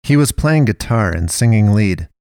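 A man narrating a dark story in a steady, measured way, voicing the characters' lines as he reads. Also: lowish voice, gravelly, smooth, dry recording, studio quality. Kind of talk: audiobook-style story narration.

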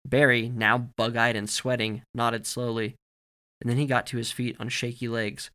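A man narrating a story in a steady, measured reading voice. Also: medium pitch, clean tone. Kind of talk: scripted audiobook narration.

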